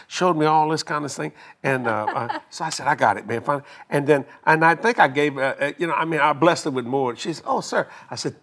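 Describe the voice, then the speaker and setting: An older man casually telling a long story, animated and laughing as he acts out both sides of a conversation. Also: on the high side. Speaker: guest telling a marriage story.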